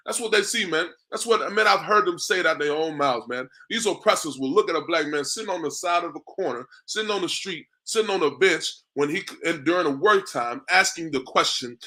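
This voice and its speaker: A man gives a street sermon in a bright, slightly high voice. His talk is loose and repetitive, full of "man" and "bro". He keeps checking in with his listeners. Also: lively intonation, a little fast, hardly any pauses. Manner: repetitive, asks "you understand me?" often; conversational, drops in "man" and "bro". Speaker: street preacher.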